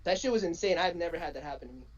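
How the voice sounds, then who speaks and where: A woman chatting casually as a podcast co-host, telling a story in an animated way, with lots of slang and swearing. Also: lowish voice, very fast, dull audio, slight background noise.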